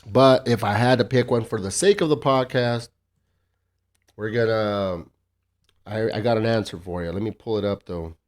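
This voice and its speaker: A man's voice: lowish voice, moderate pace. A man in his thirties hosting a solo podcast, swearing freely and ranting in a cocky, casual way. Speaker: podcast host.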